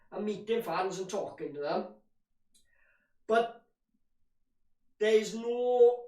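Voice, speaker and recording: Ranting with frustration during a live watch-along of a match, this male fan commentator addresses his listeners as "boys." His voice is high with a darkish tone, and the audio is echoey and distant from the mic.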